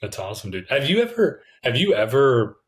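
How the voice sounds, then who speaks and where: A man hosting a podcast, relaxed, asking his guest follow-up questions. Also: mid-range voice, fairly quick. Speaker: podcast host. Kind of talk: casual podcast conversation.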